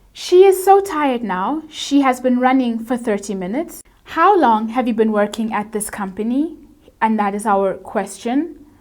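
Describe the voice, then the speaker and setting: A woman English teacher giving a scripted grammar lesson, explaining clearly and at a measured pace. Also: on the high side.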